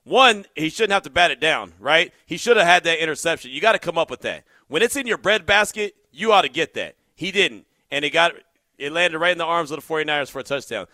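A man hosts a call-in sports radio show in a studio, and his voice is bright and forceful. He talks with lively energy and gets loud when he's fired up. The sound is dry and close on the mic. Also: on the high side, brisk, no room sound. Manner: energetic, animated, shouts when excited.

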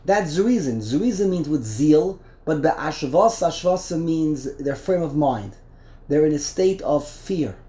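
A man's voice: a little high, lively intonation, measured pace, warm tone, reverberant. A man teaching a Torah class, explaining a text line by line, often repeating and restarting words.

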